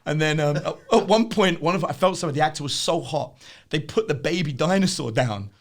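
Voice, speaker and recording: A man in a casual interview, an animated storyteller who laughs often. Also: on the high side, fairly quick. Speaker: interview guest.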